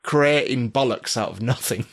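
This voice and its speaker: A man's voice: medium pitch, moderate pace. A man who is a podcast guest, chatting with jokey, dry asides and trailing restarts. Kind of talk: casual chat.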